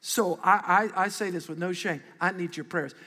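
A man in middle age preaching a sermon in a high, bright, ringing voice. He talks with the congregation in a lively, conversational way and has them call back answers. The sound carries a long reverb from a large church hall. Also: normal speed. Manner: animated, conversational preaching with audience call-and-response. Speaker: pastor.

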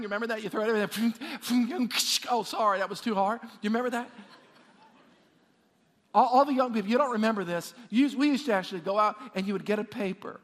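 Pastor, male, high voice, energetic preaching with call-and-response, long hall reverb. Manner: energetic, repeats words, asks the congregation to respond. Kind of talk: sermon. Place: church sanctuary.

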